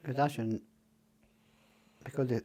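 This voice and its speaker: A man's voice: mid-range voice, fairly even intonation, a little slow, warm tone. A middle-aged Scottish man, a podcast guest, telling rambling, profane stories and acting out the other people's lines. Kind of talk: casual storytelling.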